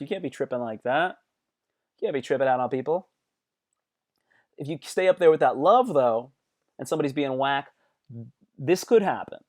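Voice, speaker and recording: Slangy, animated man hosting a live stream. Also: fairly high pitch. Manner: slangy, repeats phrases, acts out angry outbursts. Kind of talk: casual motivational talk.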